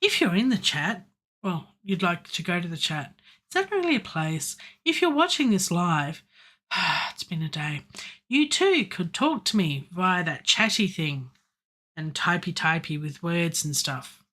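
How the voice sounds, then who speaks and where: A woman in a home studio narrating her work on a live stream in a slow, unhurried way. She is playful and chatty, often talking to herself while she edits her track. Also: lowish voice, sing-song, fairly bright tone. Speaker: home studio musician livestreaming. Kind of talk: casual live-stream self-talk while producing music.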